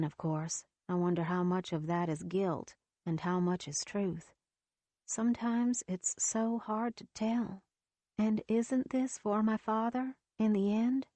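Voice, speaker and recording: A woman narrating a first-person romance audiobook in a steady, measured reading. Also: medium pitch, no echo.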